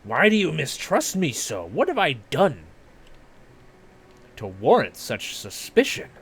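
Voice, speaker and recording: A man's voice: fairly high pitch, huge pitch swings, takes it slowly, a bit bright, husky, voice pushed up, exaggerated voice. Man putting on a wary lighthouse keeper woman. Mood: wounded, questioning. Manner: pleading, wounded.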